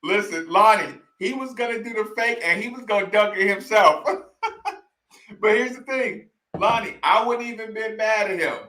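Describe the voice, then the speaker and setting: A man's voice: high voice, normal speed, sharp tone, roomy sound. A man talking casually as a host, laughing often and repeating himself while reacting to old game footage. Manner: laughs often, repeats lines, addresses "y'all". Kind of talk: casual chat.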